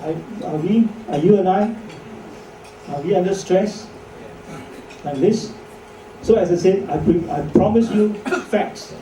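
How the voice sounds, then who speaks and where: A man's voice: sits high, measured pace, long pauses, dark tone. A man giving a chatty medical lecture to doctors, joking and asking rhetorical questions. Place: lecture hall. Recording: echoey hall from far off, faint noise.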